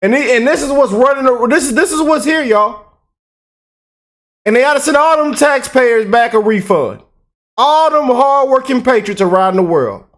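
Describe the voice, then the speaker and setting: A man hosting a reaction video, talking to his viewers in an excitable, hyped way. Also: extremely high pitch, normal speed. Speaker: host. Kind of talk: reaction commentary.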